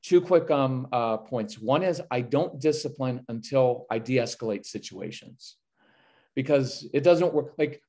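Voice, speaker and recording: On a casual podcast, a male guest with a medium-pitched voice and a measured pace offers parenting advice. He's energetic, acting out both his own lines and his kids' lines as he tells what he says to them.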